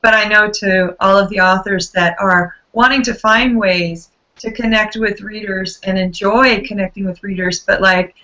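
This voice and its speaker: A tired woman with a gravelly voice, effusively hosting an online book club chat over a video call. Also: mid-range voice, steady tone, normal speed, hardly any pauses, rough recording. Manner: warm, effusive, chatty.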